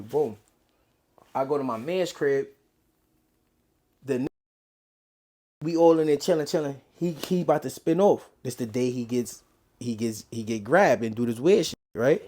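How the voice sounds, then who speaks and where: A man telling a story in casual street slang, acting out quoted lines as he goes. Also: medium pitch. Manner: animated street slang, quick quoted dialogue. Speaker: interview guest.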